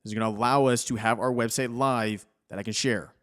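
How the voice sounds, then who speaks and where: A young adult man narrating a software tutorial over his screen, casual and encouraging. His voice sits at an ordinary middle pitch, and he keeps an easy, conversational flow as he guides viewers through each step. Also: steady tone, brisk. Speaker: coding tutorial host.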